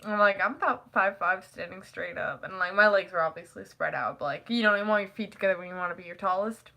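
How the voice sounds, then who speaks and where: A teenage girl chatting casually to the camera, rambling and packing her talk with "like" and quick laughs. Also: medium pitch, bright, forceful tone. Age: teens. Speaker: vlogger.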